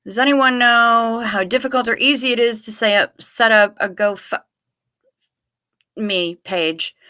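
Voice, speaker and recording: A woman's voice: on the high side, unhurried, sharp tone, no echo, clean studio sound. A woman hosting a livestream, telling rambling stories with wry asides and answering her chat casually. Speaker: livestream host.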